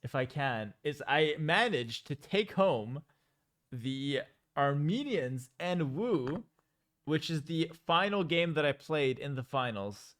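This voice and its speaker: A young man, a pro gamer, casually telling a story about a tournament in a lively, joking, mock-outraged way. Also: fairly high pitch, slow.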